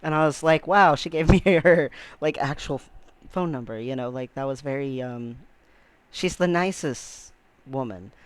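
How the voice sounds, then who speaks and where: A man vlogging about his own life in a heartfelt, halting way, with lots of restarts and fillers. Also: mid-range voice, clear, resonant tone. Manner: earnest and heartfelt. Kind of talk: casual personal vlog storytelling.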